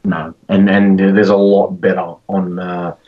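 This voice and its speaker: A man co-hosting a podcast in casual chat, relaxed with lots of ums and restarts. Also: deep voice, unhurried. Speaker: podcast co-host. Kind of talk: casual fantasy sports chat. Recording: distant, dull-sounding mic.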